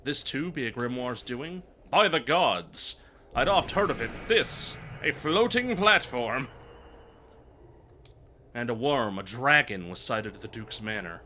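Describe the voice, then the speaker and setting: Gruff medieval knights trade barbs in archaic phrasing, as a man reads their game dialogue aloud. The delivery is only lightly dramatic, in a bright, tense voice, over a faint hiss. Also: medium pitch, normal speed, hardly any pauses. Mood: bickering.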